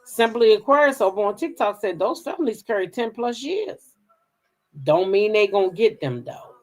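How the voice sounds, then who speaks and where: A middle-aged woman talks straight to her viewers in a loose, chatty live stream. Her pitch moves a lot, rising and falling through each thought. She swears casually and sounds frank and familiar, in a mid-range voice. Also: animated, normal speed, darkish tone. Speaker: gossip channel host.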